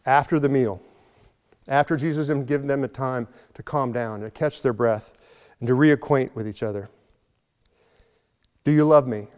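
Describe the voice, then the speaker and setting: A male pastor delivers a heartfelt sermon at an even, middle pitch. He slows down and builds volume to drive his points home, and a long hall reverb trails after each phrase. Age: adult, has a son. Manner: earnest, slows and swells for emphasis.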